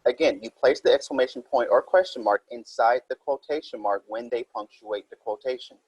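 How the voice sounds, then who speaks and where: A man's voice: mid-range voice, brisk, a little mellow, slightly rough, no room sound, lo-fi sound. A man teaching a recorded writing minilesson, explaining step by step and reading example sentences aloud.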